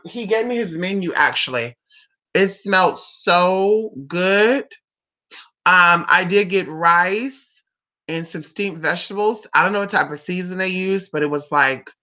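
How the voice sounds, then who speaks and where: A young woman vlogger chatting casually and gossiping, with drawn-out "honey" and "girl" asides. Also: on the low side, bright, forceful tone. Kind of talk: casual chat to camera.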